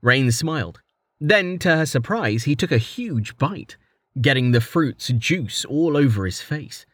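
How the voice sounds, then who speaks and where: A man narrating a fantasy story in a steady, even storytelling manner. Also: medium pitch, measured pace, no room sound. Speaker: audiobook narrator.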